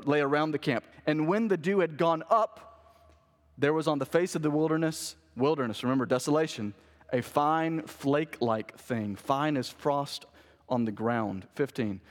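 A man, a pastor, delivering an animated sermon and asking the congregation rhetorical questions. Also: mid-range voice, in a large hall.

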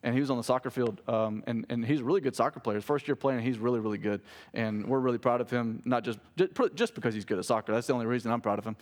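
A man's voice: medium pitch, very fast, hardly any pauses. A man in his thirties preaching a sermon as a pastor, conversational, telling family stories and joking with the congregation. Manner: conversational preaching with family anecdotes and self-corrected jokes.

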